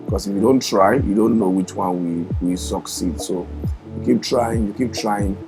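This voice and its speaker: A man offers earnest encouragement on a couple's vlog. He speaks in a somewhat low voice, halting with frequent fillers. Music plays clearly in the background. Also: rough recording. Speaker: co-host, husband. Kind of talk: casual advice.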